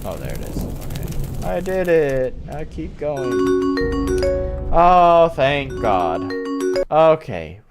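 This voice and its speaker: A man's voice: a little high, huge pitch swings, slow pace, creaky, loud music behind the voice. A man streaming a game, giving casual gaming commentary while swearing and laughing at how janky it is.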